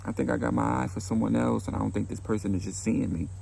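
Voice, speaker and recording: A man's voice: lowish voice, steady tone, fast, creaky, a little mellow, breathy edge, voice pushed up, heavily acted. A man voicing a troubled young male patient who talks in a raised, pleading voice while telling a story. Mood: unsure.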